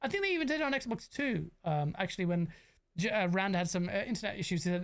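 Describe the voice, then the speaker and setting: A young British man with London slang, hosting a casual gaming reaction stream, animated and rambling as he banters with his chat. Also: high-pitched, fast. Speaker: gaming commentator host.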